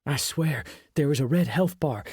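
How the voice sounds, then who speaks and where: A jumpy, sarcastic young rogue from a fantasy audiobook, voiced by a man. He talks in quick, wisecracking bursts, pitched a little above the narrator's own voice, in a dry, close recording. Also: expressive, darkish tone, slightly rough, no echo. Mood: insistent.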